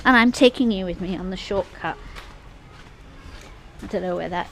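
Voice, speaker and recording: A woman vlogging outdoors on a handheld phone, chatting in a rambling, casual way that sometimes turns soft and subdued. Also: on the low side, normal speed, gravelly. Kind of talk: casual walking vlog. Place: outdoors on a street. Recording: noisy outdoor street.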